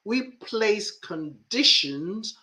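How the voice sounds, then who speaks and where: Slow, bright-voiced man coaching reflectively. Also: sits high, expressive. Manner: reflective, repeats phrases for emphasis. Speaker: life coach and podcast host. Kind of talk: spiritual podcast talk.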